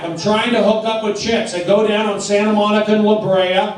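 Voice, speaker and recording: Man, stand-up comedian, self-deprecating, short repeated lines, high voice, far-off echoey club audio. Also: fairly even intonation, normal speed, few pauses. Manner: blunt, self-deprecating, repetitive short sentences. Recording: distant echoey club recording, noisy. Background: audience laughter.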